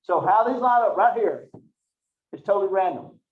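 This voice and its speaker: A man teaching a biology lecture, lively and joking at his own expense, with frequent rhetorical questions. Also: high voice, moderate pace. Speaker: biology instructor. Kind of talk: recorded online lecture. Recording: roomy, distant, dull lo-fi mic.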